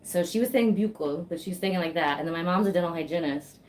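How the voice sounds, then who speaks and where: A woman's voice: fairly low pitch, quick pace, darkish tone, a little hiss or hum. A woman practitioner chatting casually while she gives a face sculpting massage, swearing easily and laughing.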